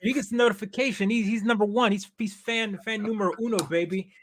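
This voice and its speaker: A middle-aged man hosting a podcast in a rambling, restart-heavy way, laughing easily. His voice sits a little above the usual male pitch. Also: steady tone, quick pace. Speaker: podcast host. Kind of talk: casual chat.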